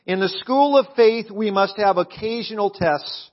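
A man's voice: sits high, measured pace. Emphatic male pastor preaching, lo-fi sound. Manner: call-and-response with congregation, emphatic, drops to quiet asides. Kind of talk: sermon. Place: church sanctuary.

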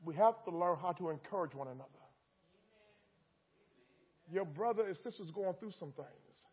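A man's voice: high voice, lively intonation, normal speed, breathy edge, muffled recording. A man preaching a sermon in a call-and-response style, repeating lines with rising emphasis.

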